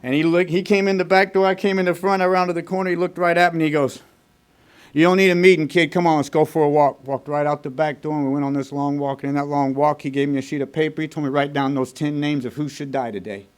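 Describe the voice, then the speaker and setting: A man from Texas telling his recovery story to a meeting in a blunt, profane, fast-moving way. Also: fairly high pitch, steady tone. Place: recovery group meeting room.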